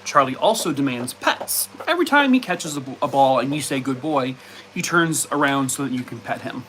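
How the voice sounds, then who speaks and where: A man's voice: medium pitch, expressive, measured pace, long pauses, a bit bright, a little hiss or hum. A man on a casual live stream, rambling with lots of fillers and breaking off to talk to his dogs at home. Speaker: live streamer chatting with viewers.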